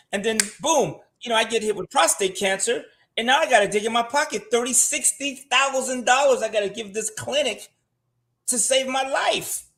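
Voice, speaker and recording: A guest on a finance show talks frankly from a room at his home in a casual livestream style, swearing freely and answering viewer comments. His voice is high-pitched and a bit bright.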